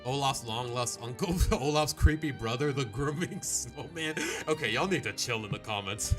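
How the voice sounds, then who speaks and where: A man live-streaming his reactions to videos in casual, animated chat, groaning and laughing as he goes. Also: mid-range voice, fairly quick, hardly any pauses, faint music behind.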